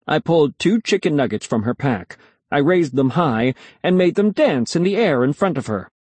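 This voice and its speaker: Husky, animated male storyteller. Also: on the high side, normal speed, no echo. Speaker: audiobook narrator. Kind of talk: first-person storybook narration.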